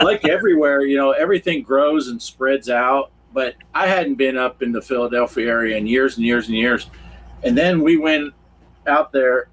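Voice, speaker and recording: A man's voice: mid-range voice, moderate pace, noisy background. A man from Pennsylvania co-hosting a casual livestream chat, rambling through stories and chuckling as he goes. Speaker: co-host.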